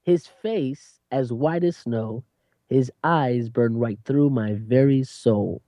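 A man's voice: medium pitch, slow pace, dry recording, dull audio. A man co-hosting a Christian radio talk show, answering with short agreements and reading a poem aloud earnestly. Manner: warm affirming interjections, earnest reading aloud. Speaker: radio co-host. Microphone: studio microphone.

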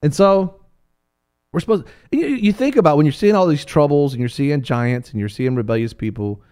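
A man teaching from the Bible in a preaching talk, animated and playful, acting out voices of biblical figures. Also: fairly high pitch, normal speed, smooth.

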